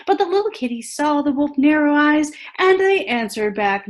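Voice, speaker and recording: A woman reading a children's story aloud with expressive, animated storytelling during a worship service. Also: sits high, moderate pace, few pauses. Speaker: worship leader. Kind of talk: story read-aloud in a sermon.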